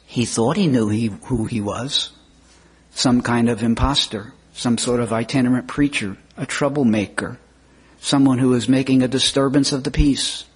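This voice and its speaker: A man preaching a sermon, slow and measured, with rising emphatic questions, often clearing his throat. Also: medium pitch, steady tone.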